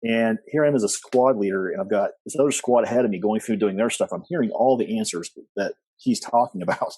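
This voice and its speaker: A man's voice: fairly low pitch, fast, breathy edge, no room sound. A middle-aged man, a podcast guest, tells a long personal story, rambling with fillers and restarts, acting out the people he quotes. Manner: rambling with many fillers and restarts, animated quoting. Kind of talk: storytelling interview.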